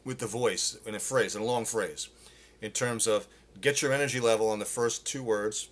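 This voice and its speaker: A middle-aged man teaching a live singing Q&A, explaining casually with lots of fillers and quick demonstrations. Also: on the low side. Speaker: vocal coach.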